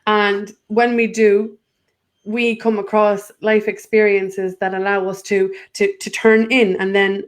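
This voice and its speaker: Rambling woman. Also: mid-range voice. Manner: rambling, repeats words, restarts often. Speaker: guest. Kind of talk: casual spiritual chat.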